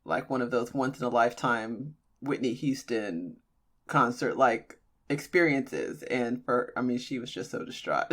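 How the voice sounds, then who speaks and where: A woman co-hosting a podcast, telling animated stories in casual chat. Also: extremely low pitch, husky. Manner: chatty, animated storytelling with laughs. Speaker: podcast co-host.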